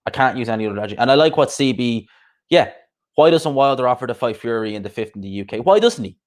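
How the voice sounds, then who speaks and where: A man's voice: medium pitch, animated, quick pace. A man hosting a boxing live stream, ranting bluntly and profanely with lots of rhetorical questions. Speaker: boxing podcast host. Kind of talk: casual live stream rant.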